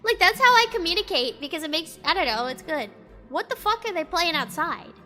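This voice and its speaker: A woman's voice: high voice, animated, fairly quick, sharp tone. A young woman ranting casually in a vlog, rambling with lots of "like" and swearing freely, with faint music in the background. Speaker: vlogger. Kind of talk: casual storytime rant. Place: indoors, outside noise audible.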